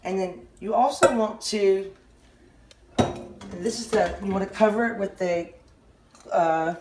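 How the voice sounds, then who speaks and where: A woman's voice: medium pitch, heavy background noise. Rambling Southern woman in her kitchen. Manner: rambling, halting, often restarts sentences. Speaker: home cooking channel host. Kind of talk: casual kitchen how-to demonstration.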